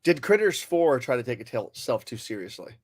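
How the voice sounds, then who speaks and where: A man's voice: mid-range voice, big pitch swings, fairly quick, no echo, clean studio sound. A man co-hosting a casual podcast chat with short, enthusiastic interjections. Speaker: podcast co-host.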